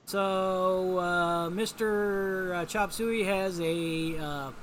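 A man's voice: high voice, fairly even intonation, very slow, a bit bright, a little hiss or hum. A man giving casual, joking commentary as he narrates a video game and reads its lines aloud.

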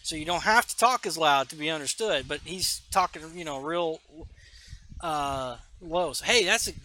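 A man casually retelling a comic story, stumbling over words now and then and acting out rough bar voices. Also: a little high, moderate pace, bright, forceful tone, slight background noise, rough recording. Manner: acts out gruff bar voices, loses words, laughs. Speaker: podcast co-host retelling a comic.

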